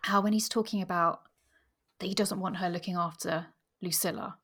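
A woman's voice: fairly low pitch, steady tone, moderate pace, a bit bright, breathy edge. A woman co-hosting a book podcast, thoughtful and chatty in casual discussion.

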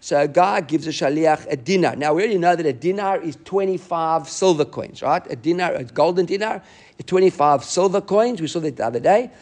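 A man leads a Talmud class, talking fast in a fairly high voice. He explains each step of the text with lively energy and drops Hebrew and Aramaic terms into his English. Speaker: Talmud teacher.

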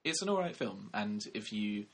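A man's voice: lowish voice, very animated, moderate pace, vocal fry, fairly bright tone. A young man co-hosting a film podcast, rambling wryly in casual chat and correcting himself. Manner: wry, rambling, self-correcting. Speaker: podcast co-host, film critic.

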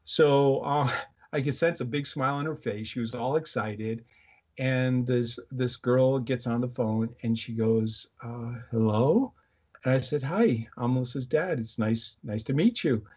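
Middle-aged man, husky, halting storyteller, quotes voices as he goes, dull lo-fi sound. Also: mid-range voice, darkish tone. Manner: halting, many fillers and restarts, quotes voices while telling a story. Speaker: guest, electronics inventor. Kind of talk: casual interview storytelling. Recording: slightly muffled lo-fi audio.

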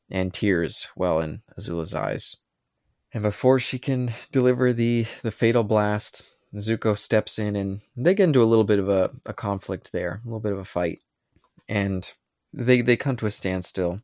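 A man's voice: fairly low pitch, fairly even intonation, normal speed, no echo, studio quality. A man co-hosting a podcast, casually retelling episode scenes and briefly acting out the characters' lines. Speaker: podcast co-host. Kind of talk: casual recap chat.

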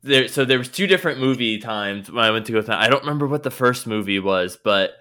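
A man's voice: mid-range voice, animated, fast talker, sharp tone. A man co-hosting a casual podcast chat, telling a story with lots of swearing and laughter. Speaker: podcast co-host.

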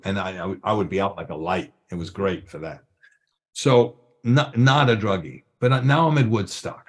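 An older man, a guest drummer, telling anecdotes in casual talk and acting out voices and drum sounds. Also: on the low side. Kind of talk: casual storytelling.

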